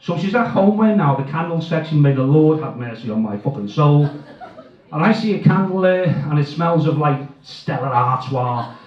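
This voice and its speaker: On an echoey, dull, distant-sounding live recording, a middle-aged comic runs through a foul-mouthed set that pokes fun at himself. He speaks at a moderate pace in a slightly high, animated voice.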